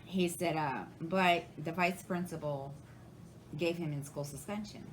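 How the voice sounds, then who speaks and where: A woman in her forties talks in a somewhat low voice, meandering through a story with restarts and acted-out dialogue. A faint hiss of background noise sits under the recording. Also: moderate pace, fairly bright tone, low-quality recording. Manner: rambling, retells conversations, many restarts. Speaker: crafting channel host. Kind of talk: casual storytelling to camera.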